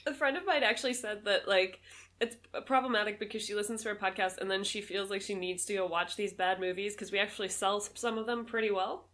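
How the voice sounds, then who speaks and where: A woman's voice: medium pitch, steady tone, fast talker, a bit bright. A woman co-hosting a casual comedy podcast, giggly and easygoing. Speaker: podcast co-host.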